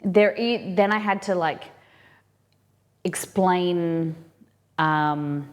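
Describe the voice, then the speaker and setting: A woman's voice: lowish voice, extremely slow. A woman hosting a casual live cooking stream, chatting and thinking aloud with rambling asides as she works in a kitchen.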